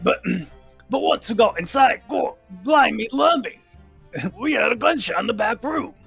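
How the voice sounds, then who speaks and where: A man voicing a shifty male Cockney crook testifying in a mystery game, with a put-on Cockney accent and a rough, slangy drawl. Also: expressive, unhurried, fairly bright tone, faint music behind, heavily acted. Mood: excited. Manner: rough slangy drawl, higher than his own voice.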